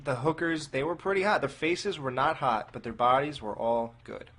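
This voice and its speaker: A man's voice: medium pitch, normal speed, a bit bright. A man hosting a podcast in casual chat, rambling and asking hesitant questions. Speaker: podcast host.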